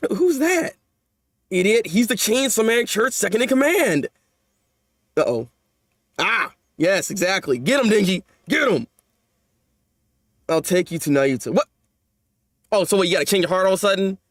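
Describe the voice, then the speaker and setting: A man with a high, lively voice that leaps all over the place, reacting live in a casual, slangy way. He stumbles and repeats words as he talks, and the recording is dry and close. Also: moderate pace, long pauses, no room sound. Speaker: manga reaction YouTuber.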